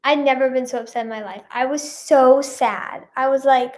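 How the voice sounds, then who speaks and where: In a high, steady voice at a moderate pace with few pauses, a teenage vlogger and singer chats to camera. It's a rambling storytime, heavy on "like" and "yeah" fillers.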